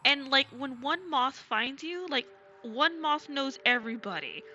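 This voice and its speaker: Woman, streamer, bubbly, gushing, fairly high voice, bright and sharp tone, soft music behind. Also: unhurried, dull audio. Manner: bubbly and gushing, thanks chat excitedly. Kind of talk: casual live-stream chat while gaming.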